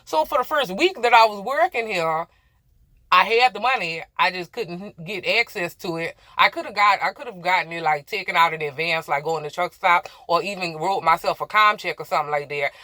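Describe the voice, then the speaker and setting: A woman's voice: fairly low pitch, moderate pace, bright, forceful tone, no room sound. A young woman truck driver chatting casually to her viewers from inside her truck cab, rambling, laughing at herself and apologizing for going off track. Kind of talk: casual chatty explainer vlog.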